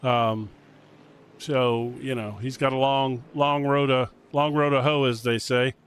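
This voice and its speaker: A man from the United States giving relaxed color commentary on a sim race, rambling with ums and you-knows. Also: medium pitch, measured pace, clean tone. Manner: chatty, rambling with um and you know.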